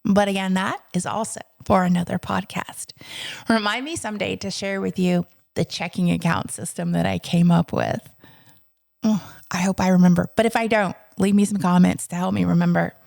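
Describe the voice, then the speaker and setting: Woman podcast host and educator, chatty and earnest, slight fry, dry close mic. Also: on the low side, steady tone, normal speed, darkish tone, no room sound. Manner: chatty, earnest, asides to listeners. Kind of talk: storytelling podcast monologue.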